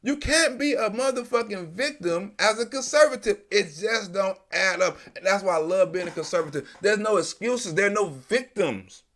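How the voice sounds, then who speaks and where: A man's voice: high-pitched, lively intonation, normal speed, hardly any pauses, fairly bright tone. A man hosting a live stream, delivering an emphatic, profane, repetitive political commentary rant.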